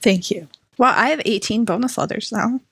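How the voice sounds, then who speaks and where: A woman playing a comedy game show, bantering with cheeky deadpan lines. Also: a little high, moderate pace, vocal fry, slightly rough, no room sound, studio quality.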